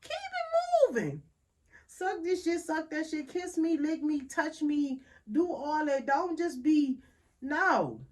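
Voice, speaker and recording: Young woman host, blunt and profane, unhurried delivery. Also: high voice. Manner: blunt, profane, laughing, emphatic repetitions. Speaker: podcast host. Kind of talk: frank casual monologue.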